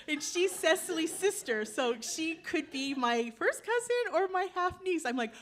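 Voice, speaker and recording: A woman telling a true personal story on stage, lively and animated, acting out the voices of her family. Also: sits high, measured pace. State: tearful while telling.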